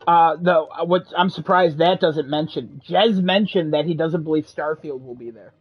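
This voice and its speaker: A man co-hosting a casual podcast chat, excitable, laughing often and throwing in mock exclamations. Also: fairly high pitch, normal speed, husky. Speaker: podcast co-host. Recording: dull lo-fi podcast audio.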